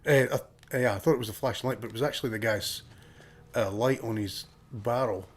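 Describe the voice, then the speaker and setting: A man's voice: mid-range voice, fairly quick. A Scottish man live-streaming a game, chatting casually with viewers, swearing and laughing freely, a bit sniffly. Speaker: gaming streamer. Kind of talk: casual live-stream chat and gameplay commentary.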